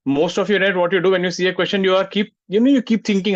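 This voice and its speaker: A man's voice: high voice, steady tone, fast talker, no room sound. A male physics teacher, lecturing a class and scolding students who don't listen. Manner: scolds students, asks "getting it?" often. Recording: muffled, dry sound.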